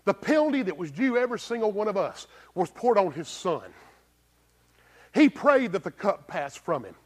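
A man preaching with a slightly raised pitch, his delivery swinging from loud, emphatic bursts down to hushed, low lines. He talks plainly and folksily, throwing rhetorical questions at his listeners. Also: big pitch swings, normal speed. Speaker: pastor. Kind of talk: sermon.

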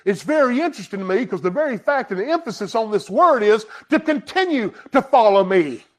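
High-voiced emphatic male preacher. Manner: emphatic preaching that swings from loud to hushed. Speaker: pastor. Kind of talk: sermon. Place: church sanctuary.

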